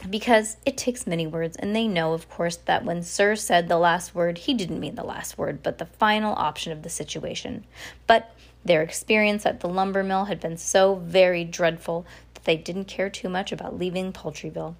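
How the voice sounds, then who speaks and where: A woman's voice: lowish voice, fairly even intonation, moderate pace. A woman reading a children's novel aloud, unpolished, with frequent slips and restarts. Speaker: audiobook reader. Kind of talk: casual read-aloud of a novel.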